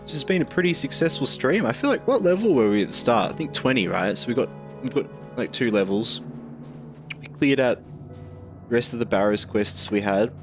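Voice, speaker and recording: A man's voice: medium pitch, expressive, a little fast, soft background music. A young man chatting casually while streaming a game, rambling and answering chat.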